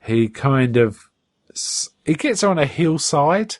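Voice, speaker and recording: On a podcast, a co-host recaps an old TV episode in casual, chatty fashion, with many fillers and restarts, animatedly acting out quotes in a raised voice. His voice is a little high and unhurried, with no room sound.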